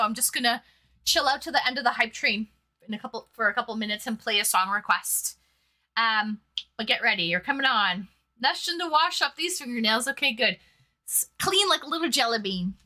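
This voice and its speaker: A Canadian woman streaming live, chatting casually and excitedly thanking her viewers. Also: fairly high pitch.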